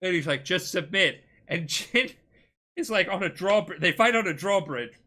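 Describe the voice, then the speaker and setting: Tipsy man rambling, bright tone. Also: sits high, animated, moderate pace. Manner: rambling, swears a lot, restarts mid-word. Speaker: podcast host explaining a video game. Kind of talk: casual comedic retelling.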